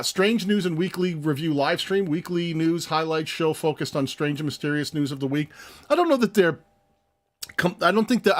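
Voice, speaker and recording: A man co-hosting a live stream, explaining in a casual, animated way as he clicks through screens. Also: fairly high pitch. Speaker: co-host of a channel review live stream.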